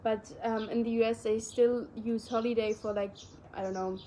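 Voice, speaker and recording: Young German-native woman, slightly high voice, loose rambling chat, faint noise behind. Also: fairly even intonation, moderate pace, warm tone. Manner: rambling, many fillers. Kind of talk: casual chat.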